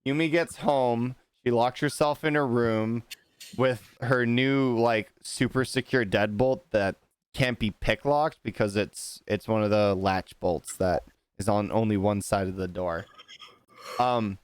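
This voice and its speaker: A man's voice: medium pitch, unhurried, clear, resonant tone, dry recording. A man hosting a livestream, chatting casually and animatedly retelling a story in funny voices. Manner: animated storytelling, acting out characters. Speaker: livestream host. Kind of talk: casual group chat.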